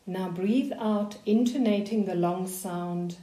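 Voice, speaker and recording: Slow, calm woman coaching voice warm-ups. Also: medium pitch, roomy sound. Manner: slow, calm, soothing guidance. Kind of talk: guided voice warm-up instruction.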